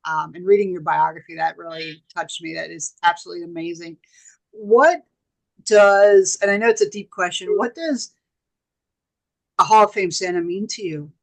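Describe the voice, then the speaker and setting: A woman's voice: on the low side, moderate pace, vocal fry, rough recording. A woman hosting an interview, eager and full of praise for her guest. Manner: eager, effusive. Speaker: host.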